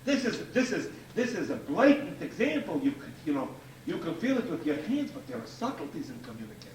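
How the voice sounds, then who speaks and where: Male rabbi, high and lively delivery, emphatic repeater; distant mic, roomy echo, faint hiss. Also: a little fast. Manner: emphatic, repeats key phrases, animated. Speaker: rabbi giving a lecture. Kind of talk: Torah lecture to an audience.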